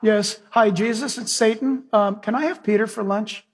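A man's voice: sits high, fairly even intonation, normal speed, background noise, lightly acted. Satan, as a man puts on a mock-polite devil. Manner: mock-polite, casual, hesitant. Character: sneering spiritual villain, mock-polite devil.

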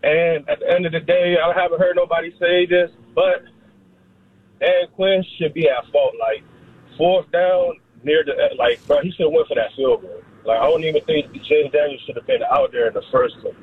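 A man's voice: a little high, steady tone, normal speed, slightly rough, dry recording. A man in his thirties calling a sports radio show, rambling and hesitant in casual talk over a phone line. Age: 30s. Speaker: caller. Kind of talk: call-in chat.

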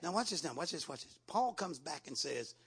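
A man preaching a sermon in call-and-response style, rising from a low, quiet delivery to loud shouting. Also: sing-song, fairly quick, slightly rough.

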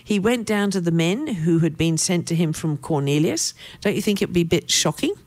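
A woman's voice: lowish voice, moderate pace, no room sound. A woman preaching a sermon, reading scripture and adding emphatic asides. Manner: lively, emphatic storytelling with asides.

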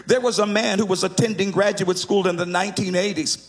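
A man's voice: high voice, steady tone, a little fast. A man preaching a sermon, emphatic and sometimes lifting his lines into a half-sung cadence.

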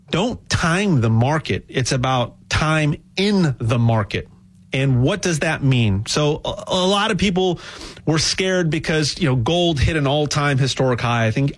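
A man giving a rambling, jokey sales pitch for buying gold, full of restarts and repeated words. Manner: animated, repetitive restarts, jokey asides. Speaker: gold dealer spokesman.

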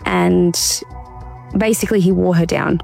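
Woman, interview guest, gravelly fry, reflective, measured. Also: lowish voice, steady tone, mellow, faint music behind. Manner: measured, reflective, occasional restarts. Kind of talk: earnest personal account in conversation.

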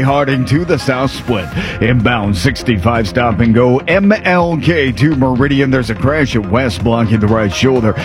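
A man reading a radio traffic report, rattling off crashes and delays in a brisk way. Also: medium pitch.

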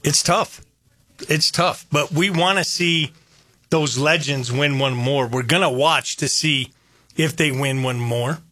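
An older man hosting a radio show in casual chat, telling stories with animated repetition. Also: a little high, takes it slowly, no room sound. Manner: animated, storytelling, repeats phrases. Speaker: radio host.

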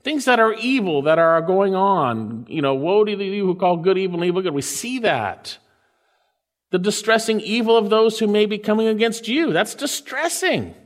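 A pastor preaching a sermon, swinging between loud and soft and slowing down to stretch out quoted scripture. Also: male voice, sits high, animated, big-room sound.

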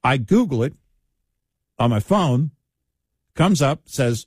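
A man's voice: medium pitch, takes it slowly, slightly rough, no echo, studio quality. A man in casual conversation, telling everyday stories with wry asides. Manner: animated storytelling with wry asides. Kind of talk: casual chat.

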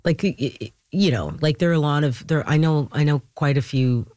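A man who is a singer and stage performer, talking in an interview, halting and searching for words. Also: fairly high pitch, a little mellow, dry recording, clean studio sound. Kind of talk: casual interview.

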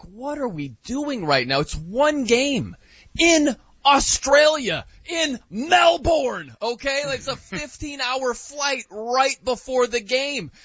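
A man's voice: high voice, pushed and bright, husky, dry recording, dull audio. A man hosting a sports talk show, joking and emphatic as he gives his opinions.

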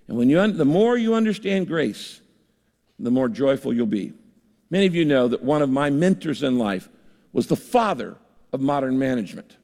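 A man's voice: fairly high pitch, vocal fry, darkish tone. An older man preaching a sermon as pastor, conversational, acting out the voices of people he quotes. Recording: reverberant hall.

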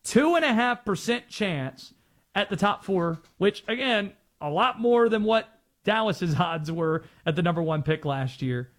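A man's voice: high voice, animated, a little slow. A man from North Carolina hosting a sports talk radio show, chatting and explaining. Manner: conversational, explanatory.

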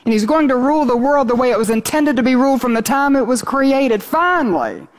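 A woman's voice: sits high, fairly even intonation, quick pace, darkish tone. Earnest woman preaching a sermon. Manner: earnest, rising to exultant when reading scripture.

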